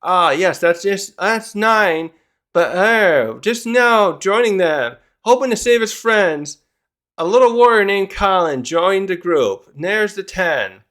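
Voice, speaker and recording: A man's voice: high voice, lively intonation, slow, a bit bright, voice pushed up, heavily acted. A man voicing a pompous male villain who announces terms like a showman. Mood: announcing. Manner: grandiose announcer delivery.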